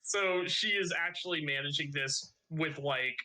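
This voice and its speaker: A man's voice: fairly high pitch, measured pace, bright, forceful tone, low-quality recording. A man playing a tabletop game, explaining his character in a rambling way and laughing often. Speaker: player. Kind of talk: casual tabletop game chat.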